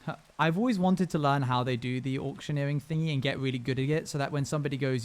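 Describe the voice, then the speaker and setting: A man's voice: mid-range voice, fairly even intonation, fast talker, few pauses. Rambling, self-amused young man streaming. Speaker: live streamer. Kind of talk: casual gaming stream chatter.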